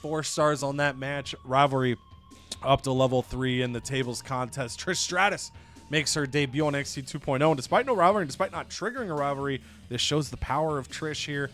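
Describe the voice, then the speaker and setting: A man's voice: medium pitch, a little fast, a bit bright, soft background music. A young man narrating a wrestling game recap as a let's-play host, storytelling casually and swearing now and then. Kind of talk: animated game recap with put-on voices.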